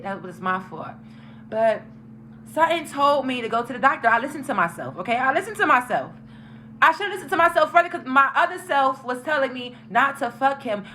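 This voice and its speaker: A woman's voice: high-pitched, pushed and bright, a little hiss or hum, low-quality recording. A young woman hosting a casual storytime vlog, talking frankly and emphatically with lots of profanity. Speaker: tarot channel host.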